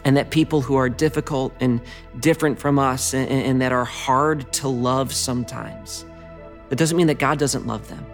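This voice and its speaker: A man's voice: medium pitch, fairly even intonation, normal speed, faint music behind. A man preaching as a pastor, telling stories earnestly and reading from scripture. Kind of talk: sermon.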